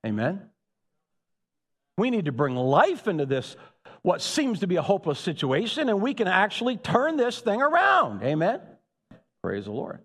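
Pastor, man, high and very animated delivery, big reverberant hall. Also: moderate pace, long pauses, slightly rough. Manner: animated, calls out to the congregation. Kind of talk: sermon. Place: church. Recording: echoey hall.

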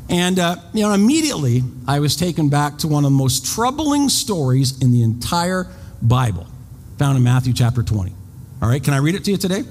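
Animated preacher in a reverberant hall. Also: male voice, on the high side, a little fast. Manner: animated storytelling, rhetorical questions, acts out his own outrage. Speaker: pastor. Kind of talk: sermon.

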